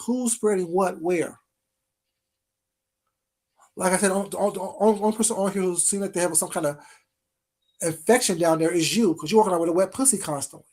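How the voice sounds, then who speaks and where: Speaking briskly and with a warm tone, a vlogger whose voice is neither high nor low delivers a sarcastic, taunting call-out. Drawn-out pet names mix with a rapid string of pointed rhetorical questions.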